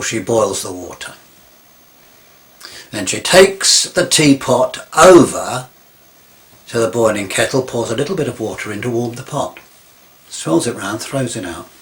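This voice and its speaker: A man's voice: fairly low pitch, a bit bright. Rambling pompous man storyteller. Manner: rambling, pompous, self-important. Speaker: comic character monologue. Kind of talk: deadpan comic storytelling.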